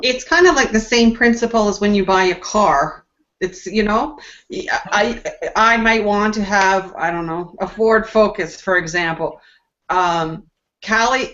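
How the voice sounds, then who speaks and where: Her voice is mid-range and fairly bright, her delivery a little slow. As a panelist in a relaxed group discussion, she lays out her point casually with lots of examples, heard through dull, lo-fi video call audio.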